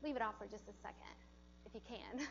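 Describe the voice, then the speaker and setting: A woman's voice: a little high, brisk, vocal fry, lo-fi sound, slight background noise. Chatty woman teaching a CPR class. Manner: chatty and encouraging, laughs often. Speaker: CPR instructor. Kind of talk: hands-on class instruction. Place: classroom or training room.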